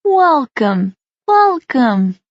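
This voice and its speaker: A woman's voice: medium pitch, animated, a little slow, mellow, husky, no room sound, dull audio. A woman reading an audiobook, voicing a hearty, welcoming grandmother as the hostess.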